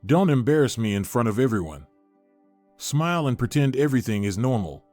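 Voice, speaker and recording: A man voicing an angry, controlling husband who hisses and shouts in a storybook reading. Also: medium pitch, very animated, fairly quick, no room sound, soft background music, lightly acted. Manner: hissing, shouting.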